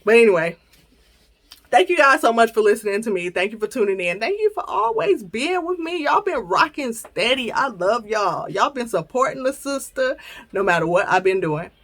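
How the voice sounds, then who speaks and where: A woman, hosting a podcast and telling a personal story to her listeners in a casual, animated way, laughing as she goes and acting out her own quoted lines. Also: on the high side, normal speed. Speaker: podcast host.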